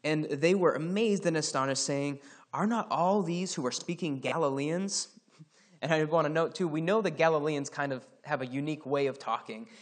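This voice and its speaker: A man's voice: fairly high pitch, normal speed. A man from Scotland giving a casual Bible teaching, talking conversationally and reading scripture passages aloud.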